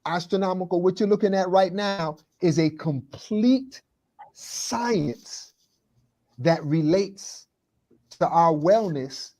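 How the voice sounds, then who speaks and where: A man's voice: high-pitched, slow pace, a little mellow. A man hosting a talk show, speaking earnestly and stacking phrases for emphasis. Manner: emphatic, builds lists for emphasis. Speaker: host.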